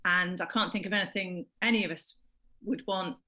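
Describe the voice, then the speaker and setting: A woman's voice: on the low side, steady tone, moderate pace, bright, forceful tone. A woman co-hosting a chat show and gushing over her guest; she works as an impressionist. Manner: enthusiastic, gushing. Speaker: podcast co-host and impressionist. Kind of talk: casual video-call chat.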